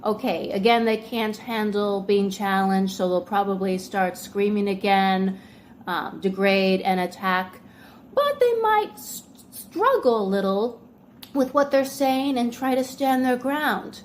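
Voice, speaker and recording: A woman's voice: mid-range voice, lively intonation, unhurried, slight background noise. A woman hosting a video, explaining in a casual, conversational way with many fillers and acting out example lines. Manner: conversational, filler-heavy, acts out example dialogue. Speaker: video host.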